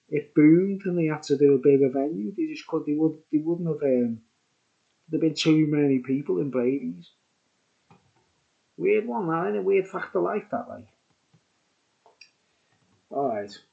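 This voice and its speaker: Middle-aged man, tipsy beer reviewer, rambling and chuckly, slightly high voice, dull lo-fi audio. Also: moderate pace, vocal fry, pauses often. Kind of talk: rambling casual chat.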